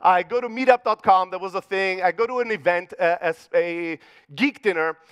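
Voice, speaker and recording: Greek-accented male keynote speaker, middle-aged, high voice, dry close sound, profane and punchy. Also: normal speed, fairly bright tone, smooth, dry recording. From Greece. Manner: profane, punchy storyteller acting out dialogue. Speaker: conference speaker. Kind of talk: motivational keynote storytelling. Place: conference stage.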